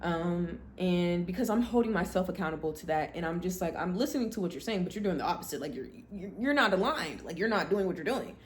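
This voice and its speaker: A young adult woman hosting a podcast, telling a personal story in a candid, blunt and expressive way. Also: on the low side, fast, hardly any pauses, slight background noise. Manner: blunt, expressive, animated when quoting herself. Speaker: podcast host.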